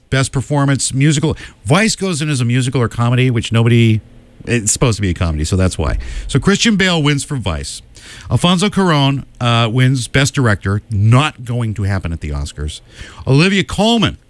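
A man co-hosting a casual podcast chat, listing award winners with quick opinions and frequent "uh" fillers. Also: mid-range voice, no room sound. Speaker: podcast co-host.

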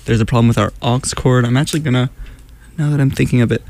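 A radio host chatting loosely on a studio mic, with a gravelly fry running through his voice. He comes across as scattered and apologetic, and he sits at a middle pitch. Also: fairly even intonation, quick pace, a little mellow, dry recording. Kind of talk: casual chat.

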